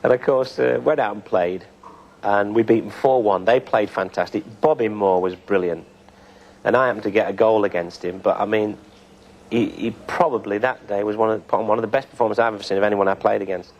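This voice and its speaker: An older man who once played football recalls his playing days in an unhurried, anecdotal way, with plenty of pauses and fillers. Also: fairly low pitch, muffled recording. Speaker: former footballer interviewee. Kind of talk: reminiscing interview.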